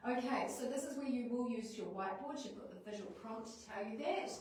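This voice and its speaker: A woman teacher with a New Zealand accent explaining classroom writing lessons to parents in a lively, chatty way, showing how she talks to the class. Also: fairly high pitch, brisk, distant mic. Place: school hall or classroom at a parents' evening. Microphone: livestream device at a distance. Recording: echoey room, voice from afar, faint noise.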